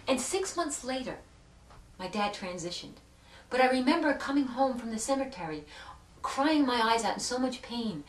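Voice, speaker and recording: A woman telling an emotional personal story in an earnest way, pausing for effect and moving between hushed and loud moments. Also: high-pitched, big pitch swings, distant mic. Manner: earnest, with dramatic pauses and swings from hushed to loud. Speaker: self-help speaker. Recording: echoey room, speaker set back from the mic.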